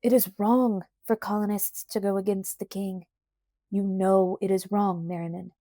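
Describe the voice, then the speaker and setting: A woman reading the part of an angry loyalist gentleman who scolds loudly and slowly. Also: medium pitch, little pitch movement, no room sound, clean studio sound, close to an everyday voice. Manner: loud, slow, scolding.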